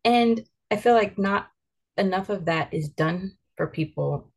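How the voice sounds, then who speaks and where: A woman's voice: mid-range voice, unhurried, a little mellow, breathy edge. A mother in an earnest, candid podcast conversation, telling stories and reflecting on how she raises her kids.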